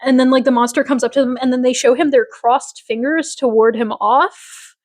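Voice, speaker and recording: Female podcast co-host, raised pitch, opinionated casual recap delivery. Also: fairly even intonation, normal speed. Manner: opinionated, rambling, lots of fillers. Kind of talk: casual chat recapping a TV episode.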